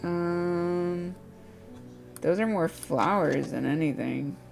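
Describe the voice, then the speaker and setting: A woman's voice: on the low side, slow, vocal fry, a little mellow, soft background music. A woman streamer chatting casually and thinking aloud while she plays a game. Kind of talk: casual gameplay commentary.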